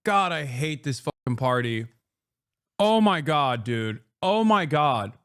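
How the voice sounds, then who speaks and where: A man's voice: a little high, big pitch swings, takes it slowly, a bit bright, clean tone, dry recording, studio quality. A man hosting a live stream, reacting to clips with heated, profane ranting. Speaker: streamer host.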